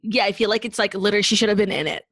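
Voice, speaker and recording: Fast-talking young woman, chatty podcast co-host. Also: mid-range voice, steady tone, fairly bright tone, no room sound. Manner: chatty, lots of "like" fillers. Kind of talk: casual chat.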